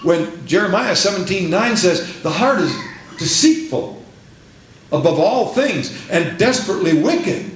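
A fervent male preacher delivers a sermon with a high, lively voice that swoops up and down. He repeats his phrases and keeps calling out amen and praise the Lord. The recording is heavily echoey, like a large church, with faint hiss behind. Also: measured pace.

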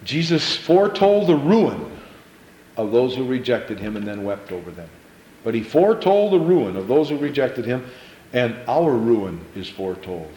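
A man's voice: mid-range voice, big pitch swings, moderate pace, mellow. Impassioned preacher man in an echoey church. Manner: impassioned preaching with repeated phrases and stammered restarts. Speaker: pastor. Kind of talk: sermon.

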